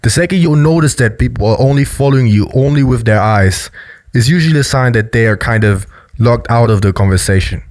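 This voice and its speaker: A man's voice: medium pitch, a little fast, a little mellow, no room sound. A man giving a loose, explanatory commentary on body language, full of fillers. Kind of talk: casual video commentary.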